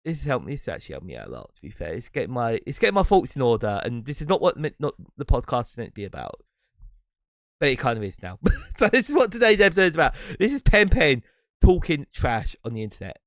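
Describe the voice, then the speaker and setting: A man's voice: mid-range voice, huge pitch swings, fast, dry recording, clean studio sound. A man hosting his own podcast, talking alone in a rambling, reflective way and breaking into laughs now and then. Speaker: podcast host and streamer. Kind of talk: casual solo monologue.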